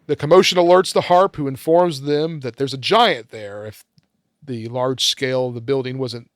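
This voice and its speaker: A man's voice: medium pitch, moderate pace, dry recording. A man hosting a casual film podcast, narrating the plot step by step with dry asides.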